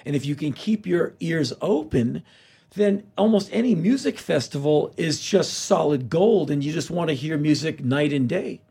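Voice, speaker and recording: A man's voice: on the high side, animated, normal speed, vocal fry, dark tone, breathy edge. A man in his sixties, a podcast guest, telling stories in casual chat and acting out the people he quotes.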